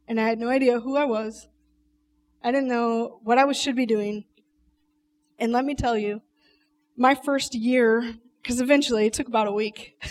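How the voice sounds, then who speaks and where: A woman's voice: a little high, distant mic. A woman telling an emotional personal testimony, earnest and emphatic, speaking straight to the audience.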